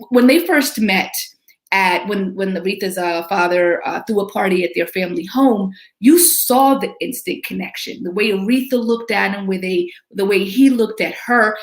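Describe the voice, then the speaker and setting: A woman's voice: medium pitch, reverberant. A woman hosting a casual movie discussion podcast, thoughtful and conversational. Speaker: podcast host.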